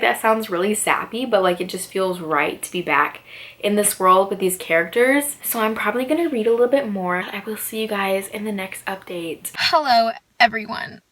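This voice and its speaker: A woman's voice: mid-range voice, a bit bright. A young adult woman casually vlogging about her reading, gushing and emphatic, full of fillers. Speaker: book vlogger.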